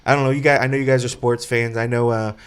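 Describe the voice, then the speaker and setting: A man hosting a relaxed panel show, trading jokes with his guests. He talks in a plain, easygoing way, steering the conversation with loose, friendly questions. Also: mid-range voice, quick pace, smooth. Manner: joking, easygoing moderator. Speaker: podcast host. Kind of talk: casual panel chat.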